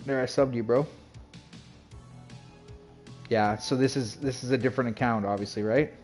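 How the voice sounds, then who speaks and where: A male game streamer telling a long story to his chat in an easygoing, rambling way, packed with "like" and "you know." His voice sits at an ordinary middle pitch, and he slips into little acted-out lines of dialogue as he goes. Faint music plays softly behind him. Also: steady tone, normal speed. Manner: rambling, filler-heavy, acts out quoted dialogue.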